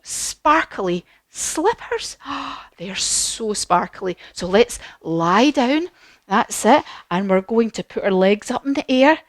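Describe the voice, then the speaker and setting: Brief: woman, kids' yoga teacher, very expressive voice that leaps around, dry close sound. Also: mid-range voice, dry recording. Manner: animated, encouraging, with gasps. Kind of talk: storytelling yoga lesson for children.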